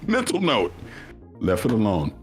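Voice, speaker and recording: A man telling a long personal story in casual chat, animated, acting out what others said. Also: a little slow, soft background music. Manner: animated storyteller, acts out quoted voices at much higher pitch. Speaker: podcast guest.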